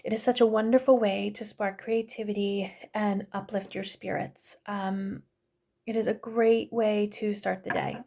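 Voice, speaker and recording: A woman's voice: medium pitch, flat delivery, unhurried, vocal fry, darkish tone. A woman in her thirties teaching a casual online class, chatty and full of fillers, often correcting herself. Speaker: yoga and essential oils class teacher.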